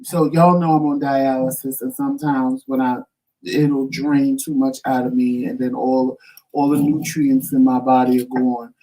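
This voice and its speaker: Talk show co-host, male, animated storyteller, mellow voice recorded a little off-mic. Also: mid-range voice, moderate pace. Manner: animated, dramatic storyteller acting out quotes. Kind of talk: casual storytelling chat. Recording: voice somewhat distant from mic.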